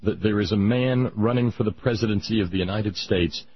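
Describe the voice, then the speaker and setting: A man's voice: on the low side, brisk, slightly rough, lo-fi sound. A man hosting a talk show, delivering a sarcastic, opinionated monologue. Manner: sarcastic, ranting, mocking voices.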